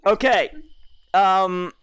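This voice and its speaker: A man's voice: high voice, drawn-out words, a bit bright, clean tone. A man running a tabletop game as game master, talking in a hesitant way with many fillers and restarts.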